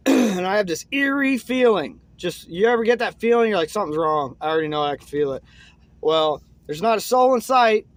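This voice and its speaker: Recorded dry, a young man rambles through a casual story full of "uh" and "man," letting his voice sink low and quiet whenever things turn grim.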